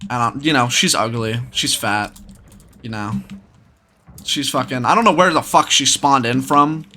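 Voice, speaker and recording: A man's voice: mid-range voice, unhurried, bright, forceful tone. A young man telling a story in casual, rambling commentary, swearing constantly.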